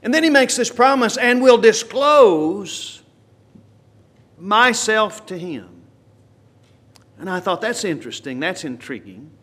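A man preaching a sermon, swinging from quiet, slow asides to loud, emphatic lines. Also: high-pitched, animated.

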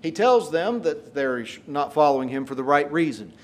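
A man preaching a sermon, retelling scripture dramatically with folksy paraphrase and getting louder on the quoted lines. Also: fairly high pitch, expressive, normal speed. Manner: emphatic, rises in volume for quoted lines.

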